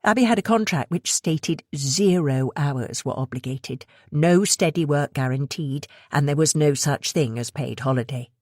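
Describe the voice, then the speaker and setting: A woman narrating a thriller audiobook in a steady, even reading voice. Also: low-pitched, normal speed, hardly any pauses, dry recording, studio quality. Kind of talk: scripted narration.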